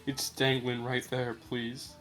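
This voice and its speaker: A man's voice: medium pitch, monotone, slow, a bit bright. A young man in casual teasing banter over voice chat, often giggling. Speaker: listener in voice chat.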